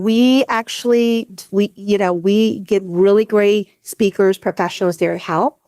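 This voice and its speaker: A middle-aged woman speaks as a panelist at a workshop in a panel discussion; she leads a community program. Her medium-pitched voice has a darkish tone and no echo. She talks candidly and earnestly in a conversational way, often restarting her sentences.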